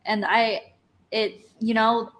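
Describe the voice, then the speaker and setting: A woman's voice: on the high side, flat delivery, takes it slowly. A woman hosting a casual livestream chat, encouraging her guest and talking with many fillers and restarts; she moved to America as a child. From immigrant to America. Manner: warm, encouraging, filler-heavy. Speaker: host.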